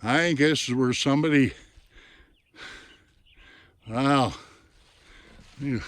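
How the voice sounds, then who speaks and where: A man's voice: medium pitch, slow pace, fairly bright tone, dry recording, studio quality. Folksy man narrating a mountain hike. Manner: folksy, plain-spoken, chatty. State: somewhat out of breath. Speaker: hiking vlogger. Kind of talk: casual narration while hiking. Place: outdoors on a mountain trail.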